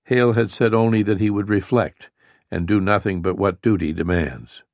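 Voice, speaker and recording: A man reading a history book aloud in a measured, even storytelling manner. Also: fairly low pitch, no echo, clean studio sound. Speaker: audiobook narrator. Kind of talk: scripted history narration.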